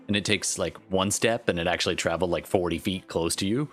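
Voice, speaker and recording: A man running a tabletop game as game master, talking in a relaxed, rambling way with frequent fillers. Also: deep voice, quick pace, hardly any pauses, soft background music.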